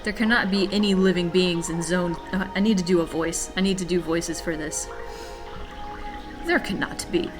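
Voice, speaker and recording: A woman with a fairly low voice talks her way through a video game in loose, self-deprecating chatter. Soft music plays faintly behind her. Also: fairly even intonation, a little fast, hardly any pauses. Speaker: game streamer. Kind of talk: casual gameplay commentary.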